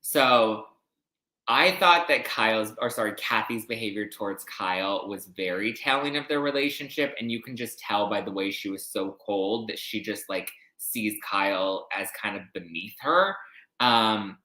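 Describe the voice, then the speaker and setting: A man's voice: on the low side, normal speed, bright, forceful tone, reverberant, rough recording. A man hosting a reality TV recap, telling the story in a chatty, catty way with plenty of swearing. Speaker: host.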